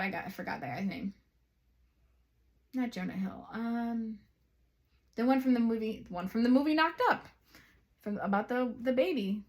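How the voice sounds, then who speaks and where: A woman giving a psychic tarot reading to viewers, chatty and excitable, drifting into rambling asides and speaking straight to her audience. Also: fairly high pitch. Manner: addresses viewers directly. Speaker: psychic reader.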